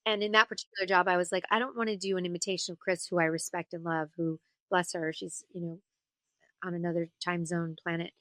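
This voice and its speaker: A woman voice actor and singer chatting as an interview guest, telling stories in an animated way and slipping into character voices. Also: lowish voice, fast talker, no room sound. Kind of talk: casual interview chat.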